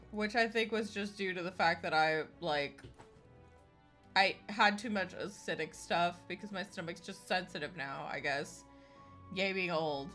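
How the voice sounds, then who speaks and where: A woman's voice: mid-range voice, pushed and bright. A young woman streaming a video game, chatting casually and rambling with lots of fillers. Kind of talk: casual game livestream chat.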